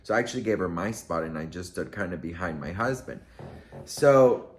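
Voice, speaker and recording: A man vlogger telling a story to camera in a casual, gushing, emotional way, rambling with many fillers. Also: lowish voice.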